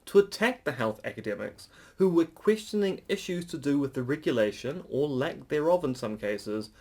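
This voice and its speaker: A man co-hosting a casual podcast, dry and sardonic, reading news items briskly. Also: a little high, expressive, a little mellow. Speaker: podcast co-host.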